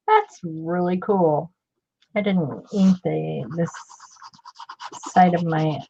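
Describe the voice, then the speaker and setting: A woman's voice: fairly low pitch, steady tone, unhurried, pauses often, mellow, muffled recording. A woman hosting a casual crafting chat, rambling and interrupting herself as she works. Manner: rambling, self-interrupting, chatty. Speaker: craft channel host.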